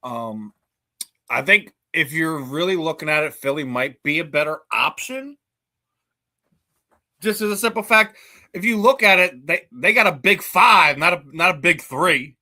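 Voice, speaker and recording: A man co-hosting a sports podcast, debating in a halting way with frequent restarts that build into emphatic points. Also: a little high, expressive, pushed and bright. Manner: halting, many restarts, rises when making a point.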